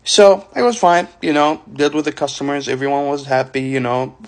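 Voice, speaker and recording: Young guy rambling through a story, fairly high voice, does the other people's voices. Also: steady tone, normal speed. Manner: rambling, acts out quoted voices. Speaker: vlogger. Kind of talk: casual storytelling.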